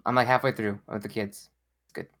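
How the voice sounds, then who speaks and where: A man's voice: lowish voice, fairly even intonation, fairly quick, fairly bright tone. A man co-hosting a casual podcast, talking with enthusiasm. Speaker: podcast co-host.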